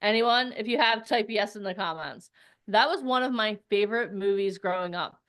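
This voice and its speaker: A woman hosting a live virtual event as its publicist, energetic and talking straight to viewers with repeated calls to comment and join. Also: mid-range voice, normal speed. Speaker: host and publicist.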